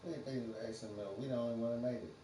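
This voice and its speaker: A man's voice: mid-range voice, fairly even intonation, racing, dark tone. A man on a livestream, rambling through a profane, free-associating monologue and laughing often. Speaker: livestream host. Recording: roomy, distant from the mic, faint background noise.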